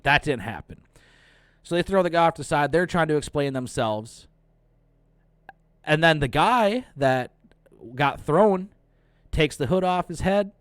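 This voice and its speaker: A young man hosting a casual movie review, retelling the plot excitedly, cursing and acting out lines. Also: fairly high pitch, a little slow, pauses often, smooth, no room sound, clean studio sound. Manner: excited, profane retelling with acted-out quotes. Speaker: host.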